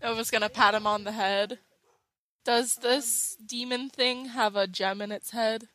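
A woman player in a tabletop game talks slowly, in a bright voice. She stays playful and giggles often, and the dry sound has little room around it. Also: fairly high pitch, fairly even intonation, no echo. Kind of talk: casual tabletop play.

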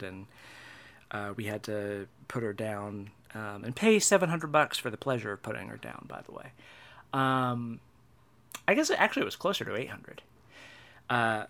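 A young man in a casual personal monologue, halting with many restarts and fillers, and a wry, dark humor. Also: lowish voice, gravelly. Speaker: vlogger.

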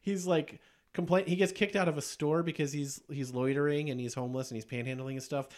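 A man hosting a podcast, chatting casually about movies, enthusiastic and quick to laugh as he recounts scenes with plenty of fillers. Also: on the high side, fairly even intonation, a little mellow. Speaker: podcast host.

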